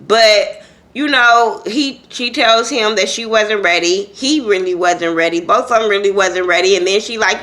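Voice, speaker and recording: A woman talks through a reality show episode in loose, unscripted chat. Her voice is bright and forceful, and her delivery is blunt, profane and full of gossipy asides. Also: medium pitch, moderate pace. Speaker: reality TV recap vlogger. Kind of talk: casual unscripted episode review.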